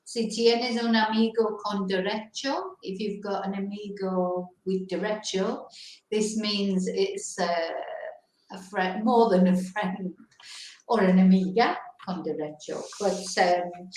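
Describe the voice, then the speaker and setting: A woman hosting a casual bilingual chat, teaching words slowly and switching between English and Spanish. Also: medium pitch, steady tone, darkish tone. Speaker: host. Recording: very echoey room.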